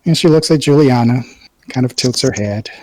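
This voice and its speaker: A man's voice: mid-range voice, moderate pace, no room sound. A man running a tabletop role-playing game as game master, narrating at an easy pace with many ums. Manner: narrates with frequent ums, relaxed.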